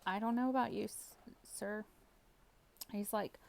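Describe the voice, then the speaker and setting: A woman's voice: medium pitch, fairly even intonation, measured pace, creaky, long pauses. A woman teacher casually recounting an online chat, reading out the messages. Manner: reads out chat messages, often laughing. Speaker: teacher telling a story. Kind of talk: casual storytime vlog.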